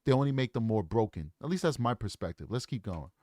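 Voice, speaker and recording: A man's voice: fairly low pitch, lively intonation, fast talker, darkish tone, no room sound, studio quality. A man in his forties giving casual, opinionated commentary straight to his viewers. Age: 40s. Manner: opinionated, talks straight to the audience. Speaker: true crime commentator.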